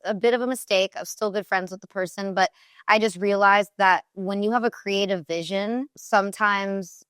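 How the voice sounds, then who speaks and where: A woman in her thirties, a TV personality and recording artist, chatting in an interview and telling animated stories full of fillers. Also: mid-range voice, moderate pace, clear, resonant tone, no echo, clean studio sound. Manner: chatty, animated storytelling with many "like" fillers and laughs. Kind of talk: casual interview chat.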